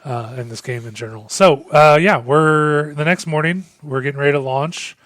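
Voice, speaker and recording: A man acting as game master, explaining the rules and setting the scene in a relaxed, rambling way. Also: on the high side, moderate pace, dry recording. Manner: relaxed, rambling, filler-heavy. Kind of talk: narrating a tabletop game.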